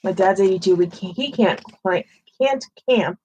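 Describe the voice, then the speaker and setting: A woman's voice: medium pitch, normal speed, warm tone, dull audio, a little hiss or hum. A woman co-hosting a live stream in casual chat, reading viewer comments aloud and giving short replies.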